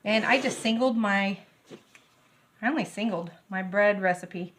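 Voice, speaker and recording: A middle-aged woman, gushing with excitement as she demonstrates a recipe in her home kitchen. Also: mid-range voice, unhurried, slight background noise. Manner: bubbly, gushing, easily excited. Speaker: home cooking vlogger. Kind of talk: casual cooking demonstration.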